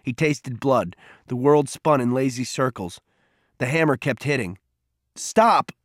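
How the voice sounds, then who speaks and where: An audiobook narrator reads a novel as scripted narration, his medium-pitched voice measured and storytelling in tone. The studio sound is clean, with no echo.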